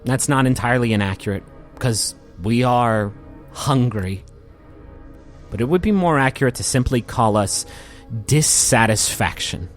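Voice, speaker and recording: A man voicing a calm, wistful male villain who speaks for a world-devouring hunger, in a soft, unhurried, faintly sorrowful way. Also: medium pitch, faint music behind, lightly acted.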